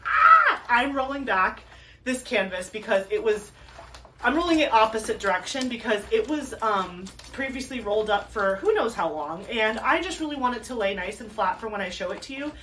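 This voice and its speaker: A woman crafting vlogger chatting casually to camera while unboxing, gushing and excitable with lots of fillers. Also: a little high, brisk. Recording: a bit distant from the mic, faint ambient noise.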